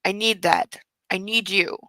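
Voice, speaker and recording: A woman reading the lines of a possessive, controlling young rich man in a plain, hushed read-aloud voice. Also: mid-range voice, steady tone, a little slow, dry recording, pitched below the performer's own voice, poor audio. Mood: intense.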